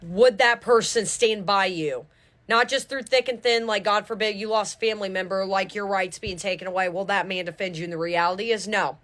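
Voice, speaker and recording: A woman with a steady, fairly bright, medium-pitched voice gives a tarot reading a little fast. She preaches fervently, swears casually, and keeps repeating "do you understand".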